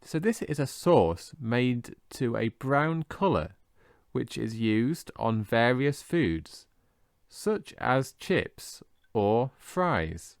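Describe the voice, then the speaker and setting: A man teaching English vocabulary in a scripted lesson, slowly and carefully modelling how each word is pronounced. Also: medium pitch, no room sound, studio quality. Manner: slow, careful modelling of pronunciation.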